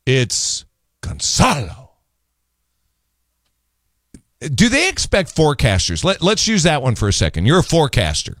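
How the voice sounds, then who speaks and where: A man hosting a call-in radio show, chatting and joking with callers in a relaxed, drawn-out way. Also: fairly high pitch, no echo, studio quality. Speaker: radio talk show host. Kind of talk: casual call-in talk.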